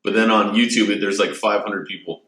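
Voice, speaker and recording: A man's voice: fairly low pitch, fairly even intonation, a little fast, fairly bright tone. A man hosting a casual podcast, loose and jokey, laughing often as he talks. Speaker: podcast host. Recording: echoey room.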